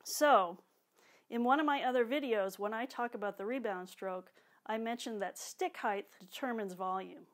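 A woman's voice, on the high side and moderately paced, explains a drumming technique as a teacher giving a demonstration. Loud drums play behind her, and she patiently mouths out strokes from time to time while keeping things clear.

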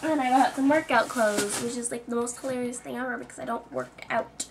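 Young girl doing a haul vlog, high chatty voice, lots of "like", bit of hum behind. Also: fairly quick. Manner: chatty, lots of "like", self-mocking. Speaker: vlogger. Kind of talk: casual haul video chat.

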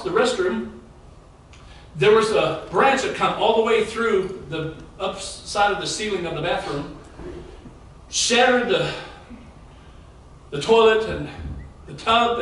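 A middle-aged pastor with a high voice for a man preaches a sermon, telling his story to the congregation in an easygoing, conversational way. His voice rings through a big, very echoey church hall, picked up from a distance with a faint hum of room noise behind it. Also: lively intonation, unhurried, pauses often, a bit bright. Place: large church sanctuary. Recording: very echoey hall, mic far off.

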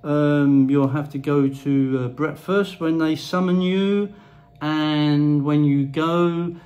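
A man's voice: on the high side, a little mellow, poor audio. A man delivering a blunt, crude ranting monologue to camera as a vlogger. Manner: blunt, crude, swears freely.

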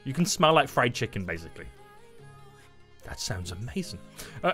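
Wildly animated, bright-voiced gaming man. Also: normal speed, soft background music. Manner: loud, jokey, shouting outbursts and sudden pitch jumps. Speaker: gaming YouTuber. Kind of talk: energetic gameplay commentary.

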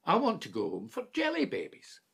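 A man's voice: sits high, wildly swooping pitch, a little fast, vocal fry, a bit bright, breathy edge, exaggerated voice. An actor playing an older man with dementia who talks like a child, confused and repeating himself. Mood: stubborn. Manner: childlike pleading, repeats words. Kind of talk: stage drama acting.

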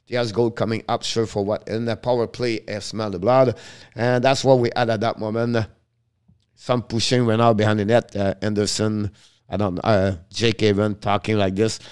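Male hockey commentator, smooth voice, choppy English, rapid live play-by-play. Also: lowish voice, little pitch movement, a little mellow. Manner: halting non-native English, rapid call of the action; chats with viewers between plays.

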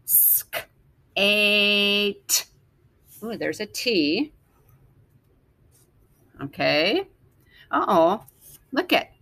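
A woman teacher slowly sounding out letters and words for young children in a phonics lesson. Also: medium pitch, very animated, sharp tone, no echo. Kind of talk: early-reading phonics lesson.

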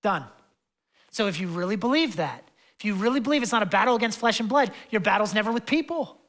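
A young adult man preaching a sermon as pastor in a loose, conversational way, full of fillers and asides, and passionate as he swings between loud stretches and hushed ones. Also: sits high, animated, quick pace.

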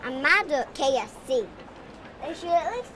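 A person speaking in a mock-grumpy, deadpan way in a street interview. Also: high voice, unhurried, distant mic, slight background noise.

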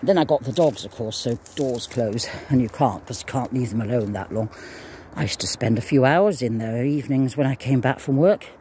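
A man's voice: medium pitch, moderate pace, dark tone, a little hiss or hum. A man in his sixties rambling casually while walking his dog outdoors, drifting between topics and breaking off to talk to the dog. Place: outdoors in fields on a walk.

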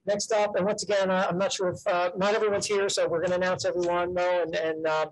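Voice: mid-range voice, little pitch movement, poor audio. A presenter at a school board meeting, reading out student names one by one and stumbling and correcting themself over the pronunciations. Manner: halting, self-correcting, careful over name pronunciation.

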